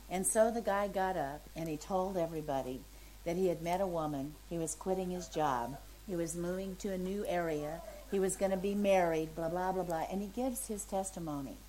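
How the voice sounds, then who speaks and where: A woman's voice: fairly low pitch, a little hiss or hum, poor audio. A woman in her seventies, a minister, telling an emotional testimony story and voicing the people in it. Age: 70s. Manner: emotional, animated storytelling with quoted voices.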